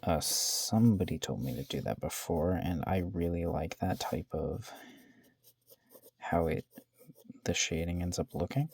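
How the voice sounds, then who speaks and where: A man's voice: low-pitched, measured pace, gravelly, darkish tone, husky. A man casually narrating to himself as he draws, self-deprecating and swearing now and then, often trailing off into a whisper. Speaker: drawing vlogger. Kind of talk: casual narration while sketching.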